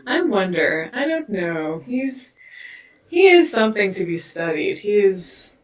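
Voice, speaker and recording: A woman co-hosting a comedy podcast who talks in a candid, animated way and swears freely. Her voice sounds a little distant from the microphone. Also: medium pitch, slow. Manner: candid, profane and animated storytelling. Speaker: podcast co-host. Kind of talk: casual comedic chat.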